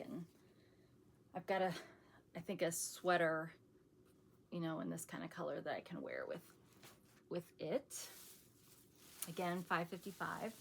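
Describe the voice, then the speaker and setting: A woman's voice: on the low side, creaky, fairly bright tone, slight background noise. A middle-aged woman chatting casually on her channel as she shows off a shopping haul, rambling and laughing often, and calling herself sarcastic. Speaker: vlogger showing a shopping haul.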